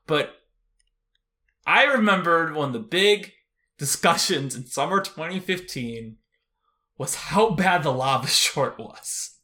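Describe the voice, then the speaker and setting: Lively, bright-voiced man chatting. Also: a little high, slow, pauses often. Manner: animated, laughs often, rambling asides. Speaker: podcast co-host. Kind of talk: casual film chat.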